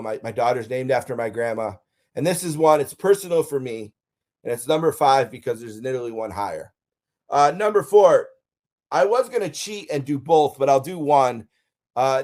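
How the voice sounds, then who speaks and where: A middle-aged man from Buffalo, USA, tells personal stories as part of a casual countdown, an upbeat, enthusiastic storyteller who often says um and uh. His voice is mid-range and a little mellow.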